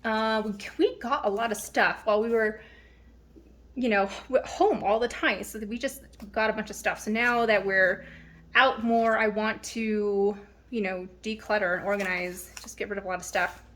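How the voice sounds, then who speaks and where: In a casual show-and-tell vlog filmed at home, a woman in her thirties chats through her planner. Her mid-range voice has a fairly bright tone, she's slightly out of breath, and she drifts a little with ums and restarts.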